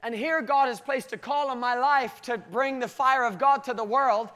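A British man delivers a sermon built around a personal story, his voice sitting very high for a man. He tells it in an animated way and laughs often as he goes. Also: normal speed. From Britain. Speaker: preacher.

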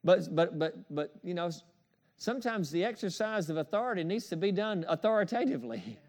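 A man delivers a sermon in a high, ringing voice. He preaches emphatically, repeats key phrases and draws amens from his listeners, now and then chuckling between points. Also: expressive, a little fast, darkish tone. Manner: emphatic, repetitive call-and-response preaching with chuckles. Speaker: pastor.

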